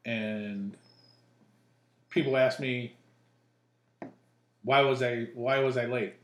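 A man co-hosting a casual podcast, telling stories and breaking into loud excited bursts. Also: medium pitch, takes it slowly, roomy sound. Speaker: podcast co-host.

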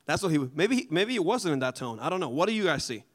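A man leading a group Bible study in a casual, animated way, often asking the group questions. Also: a little high, fast.

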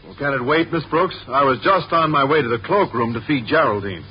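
A man's voice: mid-range voice, a little fast, natural voice. A man playing a bashful biology teacher. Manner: bashful, earnest, stammering. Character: shy, mild-mannered male biology teacher. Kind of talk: 1950s radio sitcom acting. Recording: dull old radio recording with hiss.

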